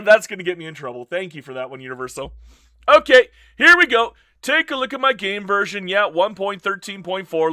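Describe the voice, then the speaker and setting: A tired, hoarse man doing chatty live gameplay commentary as a streamer, greeting his chat by name. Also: high voice, fairly bright tone, no echo, studio quality.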